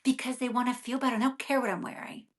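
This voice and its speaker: A middle-aged woman who practices acupuncture, talking as a guest in a chatty, animated way and acting out her inner thoughts as quick quotes. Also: fairly high pitch. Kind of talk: casual conversational interview.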